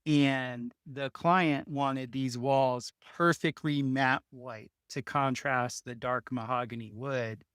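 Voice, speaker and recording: A man's voice: mid-range voice, a bit bright, clean tone, no echo, studio quality. A man, a builder guest in an interview, telling a story casually with many restarts and short laughs. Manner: rambling, restarts often, laughs between phrases.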